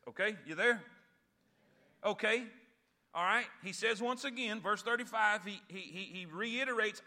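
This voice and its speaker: A man preaching a sermon, reading scripture slowly and calling on the congregation to answer back. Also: high-pitched, animated, sharp tone. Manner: call-and-response preaching, repeats phrases; drawn-out emphatic scripture reading. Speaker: pastor.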